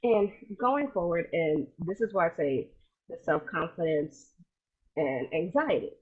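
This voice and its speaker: A woman co-hosting a podcast, telling lively casual stories in slangy speech with a husky voice over a video call. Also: lowish voice, measured pace, narrow, tinny audio. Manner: animated storyteller, colloquial, laughs easily. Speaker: podcast co-host. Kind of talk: casual chat.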